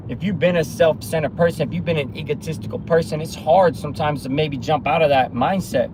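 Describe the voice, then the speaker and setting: A man talking through a motivational monologue, animated and storytelling, with acted-out bits of other people's lines. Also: on the high side, fairly quick, few pauses, noisy background. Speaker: motivational speaker.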